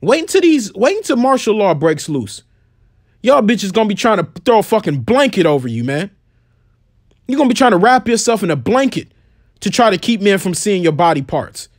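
High-voiced, scolding, foul-mouthed man preaching. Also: big pitch swings, no echo, studio quality. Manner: blunt and scolding, swears freely; reads scripture slowly and solemnly. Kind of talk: informal profane sermon.

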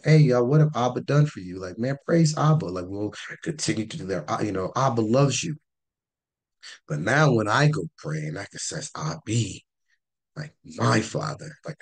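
A man giving an informal Bible teaching, rambling and repeating words, his voice worn. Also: on the low side. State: losing his voice.

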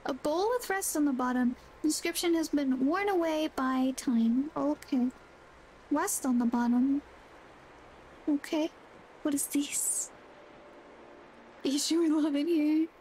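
A woman livestreamer chatting casually through a game. She has a high voice and an unhurried, easygoing pace, and she muses aloud as she plays. She sounds a little drowsy and yawny. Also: a little mellow, slight background noise. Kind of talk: casual gameplay chat.

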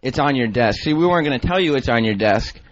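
A man's voice: medium pitch, expressive, quick pace. A man on a talk radio show, explaining eagerly what happened. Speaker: radio show staff member. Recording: dull radio broadcast with faint noise.

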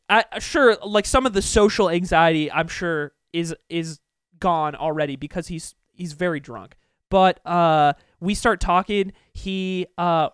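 A young man hosting a podcast, telling an animated, profane anecdote in casual chat, with many fillers. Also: high-pitched, clean tone, no room sound, clean studio sound. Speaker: podcast host. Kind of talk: casual storytelling.

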